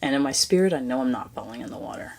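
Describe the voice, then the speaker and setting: A woman's voice: a bass voice, animated, rapid-fire, gravelly. A woman hosting a podcast, telling a personal story in a rambling, reflective way that often drops to near-whispers. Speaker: podcast host.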